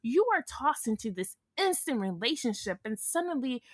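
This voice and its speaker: A woman's voice: on the high side, very animated, normal speed, no echo, studio quality. A woman co-hosting a podcast, chatting casually and animatedly, swearing freely and laughing often. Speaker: podcast co-host. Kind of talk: casual recap chat.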